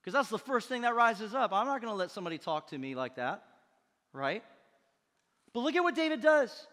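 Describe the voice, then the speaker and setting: A male pastor preaches with an energetic, chatty delivery and tosses playful asides to the congregation. His voice sits notably high for a man, and a long reverb trails behind it in the church hall. The style is a lively, casual sermon. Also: a little fast. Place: church auditorium.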